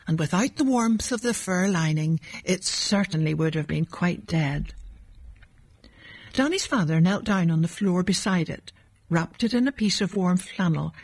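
A woman reading a children's Christmas storybook aloud in a calm, measured way. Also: mid-range voice, slightly rough, no room sound. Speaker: narrator.

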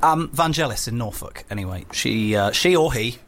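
A woman co-hosting a radio show, teasing and quick, reading out listener messages. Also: extremely low pitch, animated, slight background noise. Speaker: radio co-host. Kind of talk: casual radio banter.

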